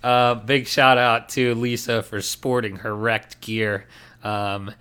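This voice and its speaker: A man's voice: mid-range voice, level tone, slow pace, bright, forceful tone, clear, resonant tone. A man hosting a podcast, chatting casually in a self-deprecating way. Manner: self-deprecating, laughing often. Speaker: podcast host.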